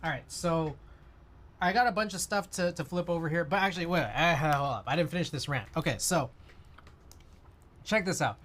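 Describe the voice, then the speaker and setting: A man's voice: fairly high pitch, normal speed, long pauses, fairly bright tone. A man chatting casually on his livestream, rambling with lots of fillers and answering chat. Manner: rambling, many fillers, reads chat aloud.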